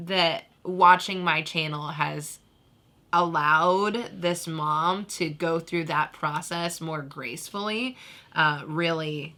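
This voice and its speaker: A woman's voice: deep voice, takes it slowly, sharp tone. A young woman co-hosting a podcast in casual chat, talking loosely with many "like" fillers. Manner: chatty, lots of "like" fillers. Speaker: podcast co-host.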